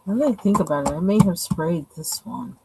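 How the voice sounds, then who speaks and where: A woman's voice: lowish voice, lively intonation, a little fast, gravelly, background noise. A woman casually showing her coloring pages at home, rambling and thinking aloud as she goes. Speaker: coloring channel host. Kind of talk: casual show-and-tell.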